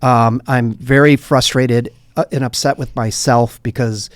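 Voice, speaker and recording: In a clean studio recording with no room sound, a man who directs a nonprofit coffeehouse speaks unhurriedly in a mid-range voice. He's an animated podcast interviewee, playing out the characters in his stories.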